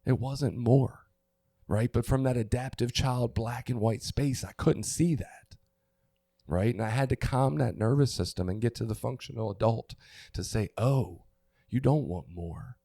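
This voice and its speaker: With a mid-range, mellow voice touched by vocal fry, this middle-aged man talks at a moderate pace, recorded with no echo. He co-hosts a recovery podcast, speaking candidly while searching for words, restarting often and dropping the occasional swear.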